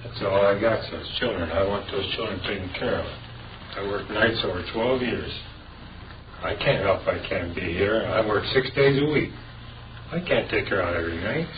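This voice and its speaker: A man's voice: lowish voice, moderate pace. A man, the husband, answering an officer with blunt complaints. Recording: distant noisy lo-fi field recording.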